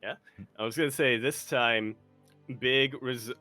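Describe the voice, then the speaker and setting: A man co-hosting a casual esports podcast, animated and jokey, playfully slipping into put-on accents. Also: medium pitch, measured pace, soft background music. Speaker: podcast co-host.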